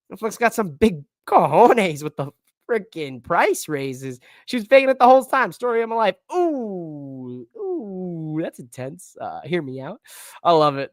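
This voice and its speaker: Man hosting a live stream, casual rambling chat, slangy, slightly high voice, dry close sound. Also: dry recording. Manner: loose, slangy, rambling with fillers. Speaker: wrestling podcast host.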